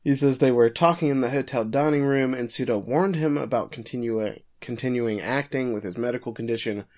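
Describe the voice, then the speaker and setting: A man co-hosting a casual podcast, recapping plot events at length and breaking in with quick quips. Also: medium pitch, darkish tone. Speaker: podcast co-host recapping an anime episode. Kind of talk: casual chat.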